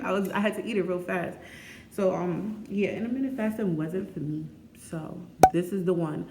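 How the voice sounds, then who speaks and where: A woman's voice: lowish voice, normal speed, darkish tone, a little hiss or hum. Frank, chatty woman vlogger, echoey room. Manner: frank, chatty, laughs often. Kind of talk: candid casual vlog talk. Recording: echoey room with faint ambience.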